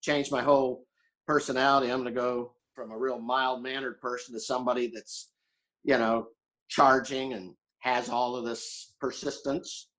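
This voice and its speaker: An older man from Florida, a podcast guest telling animated stories and acting out the people he quotes. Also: mid-range voice, moderate pace. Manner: animated storyteller who acts out quotes. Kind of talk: casual storytelling chat.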